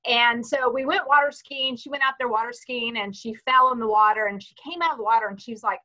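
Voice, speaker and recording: Bright chatty woman telling stories. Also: on the high side, fast talker, rough recording. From Texas, USA. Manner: chatty storyteller with many restarts. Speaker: panelist, cruise business president. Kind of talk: casual panel chat.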